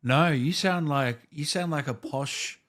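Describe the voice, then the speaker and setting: A man hosting a podcast interview, asking quick, eager questions and laughing along with his guest. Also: a little high, fairly bright tone. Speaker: podcast host. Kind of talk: casual interview.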